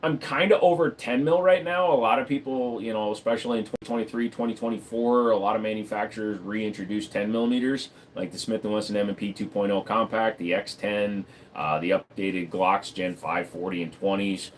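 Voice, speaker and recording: A man's voice: lowish voice, steady tone, fairly quick, few pauses, slight background noise. A man hosting a casual livestream, talking bluntly and profanely and rambling as he reads chat comments aloud. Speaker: livestream host.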